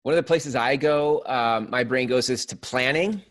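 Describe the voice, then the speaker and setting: A podcast co-host with a medium-pitched voice speaks at a moderate pace, reflective and casual. His talk is loose, with fillers and restarts.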